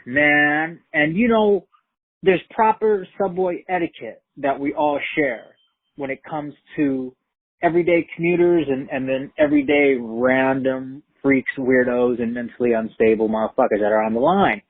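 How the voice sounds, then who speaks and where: A man telling a story in a profane, streetwise, animated way. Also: mid-range voice, moderate pace. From Brooklyn, New York. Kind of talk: casual spoken storytelling. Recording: tinny phone-like line, dry.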